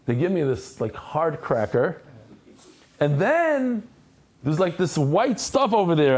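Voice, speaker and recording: A man leads a daily Talmud class in a slightly higher-than-average voice. He speaks conversationally, turns to his listeners, and throws himself into telling stories along the way. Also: takes it slowly, long pauses. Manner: animated storyteller who acts out anecdotes; conversational, addresses the class directly. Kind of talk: Talmud lecture.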